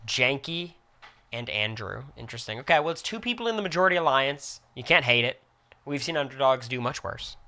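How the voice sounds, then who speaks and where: Young male streamer, bright and crisp, casual reactive commentary. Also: medium pitch. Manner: quick, reactive play-by-play with excited outbursts.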